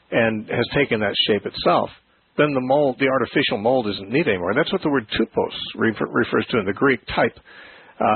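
A man hosting a call-in Bible radio show, explaining ideas slowly and thoughtfully with frequent restarts. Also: mid-range voice, vocal fry, slightly rough, no room sound. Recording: phone-like narrow radio sound.

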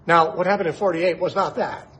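A man's voice: on the high side, a little fast, a bit bright, slight background noise, rough recording. A man who teaches the Bible on the radio, explaining scripture in an emphatic way and posing rhetorical questions to his listeners.

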